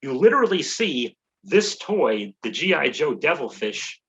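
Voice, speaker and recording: A man with a bright, forceful voice pitched a little high tells a film plot as a comedy bit. He rambles and swears freely, dripping sarcasm at every turn. It is loose, casual podcast talk. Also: sing-song, a little slow, muffled recording. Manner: profane, sarcastic, rambling storyteller. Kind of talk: rambling comedic movie recap.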